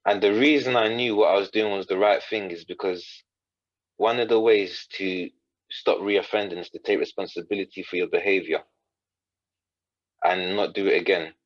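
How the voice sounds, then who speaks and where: A man's voice: low-pitched, steady tone, normal speed, dry recording, muffled recording. A man, a coach, earnestly recounting a story in conversation, quoting others and often restarting his sentences. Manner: earnest, retells dialogue in quotes with frequent restarts. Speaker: coach, podcast guest.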